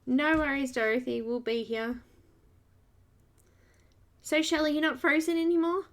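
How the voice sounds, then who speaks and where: A slightly croaky woman with a fairly high voice, talking slowly and easily as she hosts a live coloring session. She chats with viewers, greets them one by one and laughs often. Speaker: art channel host. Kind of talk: live-stream coloring tutorial chat.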